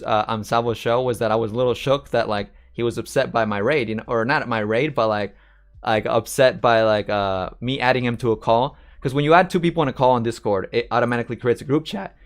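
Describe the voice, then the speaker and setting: A man's voice: mid-range voice, fairly quick. A man commenting casually on a replayed call, rambling and repeating himself. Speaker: streamer reacting to a clip of his own call-in.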